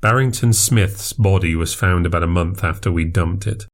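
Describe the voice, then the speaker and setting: A man's voice: sits low, normal speed. A man narrating a first-person horror story for a podcast, in a confessional, plainspoken way.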